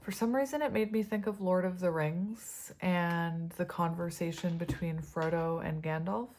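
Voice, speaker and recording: A woman's voice: on the low side, fairly even intonation, normal speed, slight background noise. Chatty rambling woman tarot reader. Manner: rambling, chatty, often laughing softly. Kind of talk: casual tarot reading vlog.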